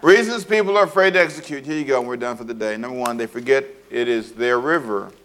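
A man preaching a sermon in an animated way, acting out little scenes with sound effects and playful asides. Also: medium pitch, fast talker. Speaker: pastor.

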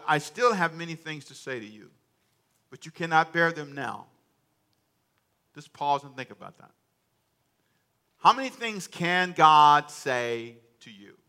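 Guy pastor preaching, really bright voice, calls out to the crowd, lively. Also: a little high. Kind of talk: sermon.

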